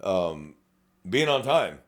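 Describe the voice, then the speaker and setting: In a deep, sing-song voice and at a slow pace, a middle-aged man with a South Texas accent talks casually as co-host of a podcast. He's a police officer, blunt and profane, and acts out the exchanges he quotes.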